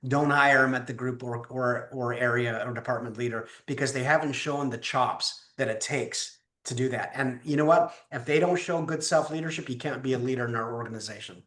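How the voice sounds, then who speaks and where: A man's voice: medium pitch, fairly quick, hardly any pauses. A man, a guest leadership teacher, telling stories in conversation and acting out the voices of the people in them. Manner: animated, acts out voices in his stories. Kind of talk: conversational storytelling. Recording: roomy echo.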